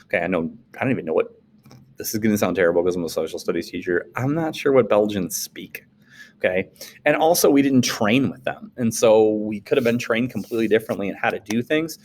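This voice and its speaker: A man, a social studies teacher, giving a casual classroom lecture, animated and playful, jumping into quick acted-out voices. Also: a little hiss or hum. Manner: animated, acts out quoted voices with big pitch jumps.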